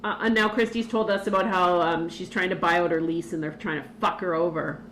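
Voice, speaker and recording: A woman's voice: on the low side, fairly even intonation, a little fast, a bit bright, a little hiss or hum, poor audio. A woman hosting a casual podcast chat, blunt and teasing, swearing freely. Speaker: podcast host.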